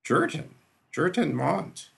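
A man's voice: a little high, big pitch swings, takes it slowly, creaky, husky, pitched above the performer's own voice, heavily acted. A man voicing a fourteen-year-old boy on the run, who talks in a tense, snarling, whiny way. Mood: wary. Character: jumpy teenage boy on the run, defiant.

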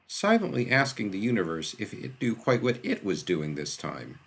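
A man narrating a fantasy story in an expressive storytelling manner. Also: on the low side, normal speed, gravelly, few pauses, husky. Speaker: audiobook narrator. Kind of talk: scripted fiction narration.

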